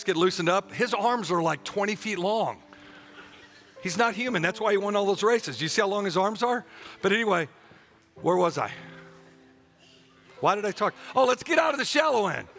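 Fiery, gravelly-voiced preacher man. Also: high-pitched. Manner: preaching with rising shouts and call-and-response; joking asides to the congregation. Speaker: pastor. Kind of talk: passionate sermon.

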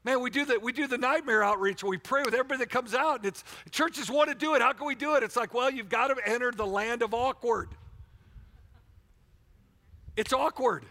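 A man's voice: very high-pitched, fairly quick, sharp tone. A man preaching a fervent sermon as pastor, with frequent restarts, calling on people in the room. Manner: fervent, repetitive restarts, calls on listeners by name. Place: church sanctuary.

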